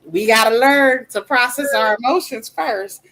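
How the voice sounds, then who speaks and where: A woman speaking candidly on a podcast about her own life, emphatic and animated, with a soft voice. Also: fairly high pitch, normal speed, low-quality recording. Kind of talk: candid personal storytelling.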